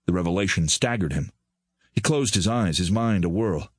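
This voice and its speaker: Give me a male audiobook narrator with a very low voice, reading in an even, measured way. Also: no echo, clean studio sound. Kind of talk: scripted narration.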